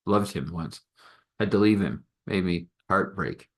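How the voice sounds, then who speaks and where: Man voicing a terse, wistful woman leader, low-key storytelling. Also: expressive, unhurried, heavily acted.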